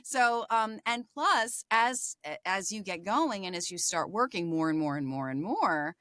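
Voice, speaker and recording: Animated woman mentoring voice actors. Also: mid-range voice, measured pace, no echo, clean studio sound. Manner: animated, acts out examples. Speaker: voice acting mentor. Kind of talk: casual mentoring chat.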